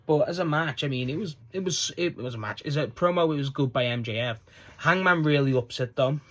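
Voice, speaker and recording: A man's voice: fairly high pitch, brisk. A man giving a casual spoken review of a wrestling show, rambling with lots of fillers and swearing. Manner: rambling, profane, frequent restarts and fillers.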